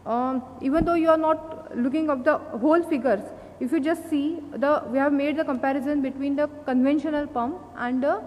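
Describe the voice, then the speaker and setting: A woman with an Indian English accent giving a conference presentation, halting often with fillers and restarts. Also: high-pitched, fairly even intonation, darkish tone. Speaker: company speaker at an industry event. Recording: long hall reverb, faint noise.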